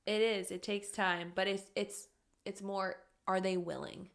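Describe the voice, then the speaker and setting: Young adult woman, podcast co-host, mid-pitched with heavy fry; thoughtful, encouraging tone. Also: level tone, unhurried, a bit bright. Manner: supportive, affirming, thoughtful. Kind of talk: casual chat.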